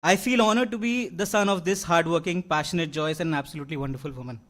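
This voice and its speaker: With a fairly bright, slightly high voice at a quick pace, a young man speaks earnestly as an award-winning graduate at convocation. The setting is a large hall, and his delivery includes many fillers and restarts.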